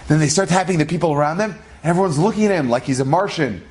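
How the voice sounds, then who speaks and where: A man, a rabbi, telling an inspirational story in an animated way, acting out the quotes and using many Hebrew terms. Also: fairly high pitch, racing. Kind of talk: storytelling with a moral lesson.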